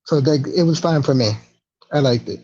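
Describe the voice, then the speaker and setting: A podcast co-host giving short casual replies in a relaxed chat. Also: medium pitch, normal speed, dull audio. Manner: brief, casual agreeing replies.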